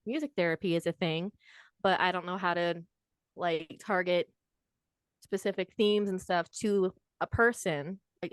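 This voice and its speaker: A woman's voice: lowish voice, clear, resonant tone, no room sound. Chatty young woman, dry close sound. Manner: chatty, self-deprecating, fidgety. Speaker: guest. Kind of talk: casual storytelling.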